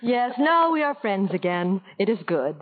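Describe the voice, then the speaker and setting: A woman's voice: mid-range voice, very animated, normal speed, phone-quality sound, a little hiss or hum, close to an everyday voice. A woman playing a coy princess bride. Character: scheming young princess bride. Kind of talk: 1940s radio comedy acting. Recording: thin old radio broadcast.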